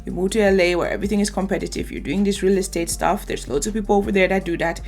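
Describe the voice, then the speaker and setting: A woman's voice: medium pitch, rapid-fire, soft background music. A woman hosting a reaction video, commenting in an emphatic, opinionated way. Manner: emphatic, opinionated, lively asides.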